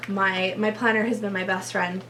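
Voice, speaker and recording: A woman's voice: a little high, moderate pace, a bit bright, a little hiss or hum. A woman YouTuber from Texas talking casually to her viewers in a chatty, gushing way, with frequent laughs and long run-on sentences. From Texas, USA. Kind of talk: casual vlog talk to viewers.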